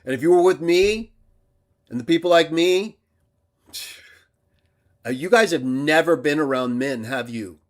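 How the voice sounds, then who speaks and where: A man hosting a livestream, delivering an aggressive rant that swings between loud outbursts and low muttering. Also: measured pace, pauses often. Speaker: livestream host.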